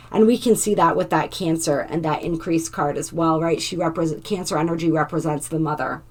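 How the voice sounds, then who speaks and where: A woman hosting a spiritual oracle card reading, gently reading card text aloud and adding asides to her viewers. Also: deep voice, moderate pace, hardly any pauses.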